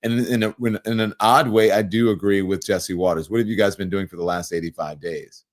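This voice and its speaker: A man's voice: sits low, fairly even intonation, brisk. A man hosting a live political talk show, talking casually and animatedly, laughing often and reading viewer comments aloud. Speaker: host.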